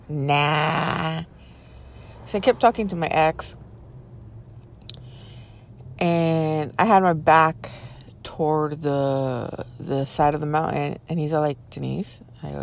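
A middle-aged woman with a low voice tells a story casually. She swears freely, talks with a lot of energy, and acts out the voices of the people in it. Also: measured pace. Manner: animated, profane, acts out quoted voices. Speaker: podcast guest telling a paranormal story.

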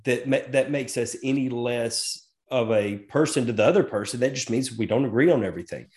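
A middle-aged man chats casually on a podcast. He is easygoing and folksy, and drifts into side remarks. His voice sits at an ordinary middle pitch. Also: brisk, darkish tone. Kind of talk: casual chat.

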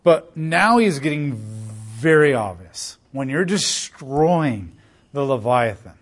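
A man's voice: mid-range voice, sing-song, slow. A man teaching a casual Bible study, explaining passages conversationally with asides and frequent "like".

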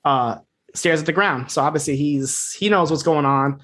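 A man's voice: fairly high pitch, normal speed, a bit bright. A man co-hosting a podcast, casually recapping a TV episode in a rambling, filler-heavy way and swearing freely. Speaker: podcast co-host.

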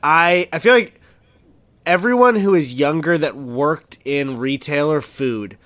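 A laid-back young man with a notably high voice, rambling loosely in casual podcast chat. The sound is close and dry, with no room in it. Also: a little slow, fairly bright tone, dry recording. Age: young adult. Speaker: podcast co-host.

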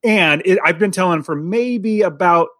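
A man co-hosting a podcast from a basement, talking casually in a rambling, halting way and laughing often. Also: high-pitched, a bit bright, dry recording, clean studio sound. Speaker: podcast co-host. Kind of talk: casual chat. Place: home basement.

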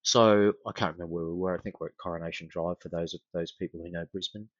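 Deep, husky Australian man telling a story. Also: steady tone, dry recording, muffled recording. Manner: unhurried, anecdotal, with frequent fillers and restarts. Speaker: guest, former police officer. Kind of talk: casual storytelling in an interview.

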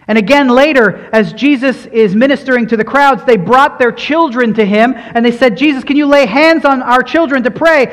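A man's voice: sits high, in a large hall. A man preaching a sermon in an earnest, emphatic way, his delivery rising and falling as he presses his points.

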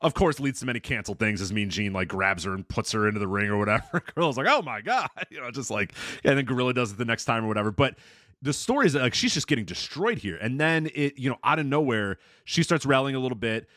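Animated man on a podcast. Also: medium pitch, fast talker, dry recording, studio quality. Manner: animated, laughs a lot, does mocking voices in quotes. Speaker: podcast co-host. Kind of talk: casual podcast chat.

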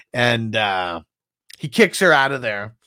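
A man's voice: medium pitch, very animated, slow pace, pushed and bright, dry recording, studio quality. A man co-hosting a casual movie review, laughing often and mimicking punch sounds. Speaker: podcast co-host.

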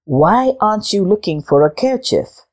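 A woman's voice: mid-range voice, sing-song, normal speed, voice pushed up. A woman voicing an old farmer father who speaks firmly and urgingly.

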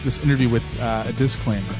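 A man's voice: mid-range voice, quick pace, over music. A man co-hosting a casual podcast, joking around, laughing often and fumbling his words. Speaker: podcast co-host.

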